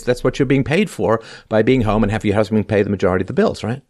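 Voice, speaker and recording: A man's voice: lowish voice, a little fast, a little mellow. A man hosting a talk show, reading a text aloud and tearing into it in a sarcastic, lecturing way, often tossing in "right?". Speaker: podcast host.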